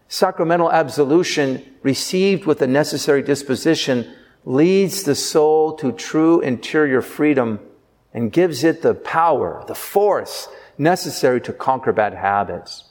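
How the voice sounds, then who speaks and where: Earnest priest preaching in a reverberant church. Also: male voice, a little high, measured pace, darkish tone. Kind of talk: sermon.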